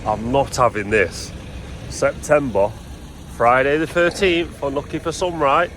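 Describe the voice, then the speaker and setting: A man's voice: mid-range voice, measured pace, fairly bright tone, a little hiss or hum. Chatty man vlogging outdoors. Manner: chatty, keeps addressing viewers as "guys". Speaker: vlogger and builder. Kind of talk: casual vlog talk to camera. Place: outdoors on a building site.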